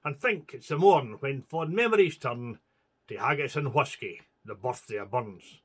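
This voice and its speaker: A man's voice: medium pitch, expressive, normal speed, breathy edge. A man voicing a wounded Scots soldier who has lost his legs, talking in broad Scots dialect, stubborn and cheery. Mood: eager.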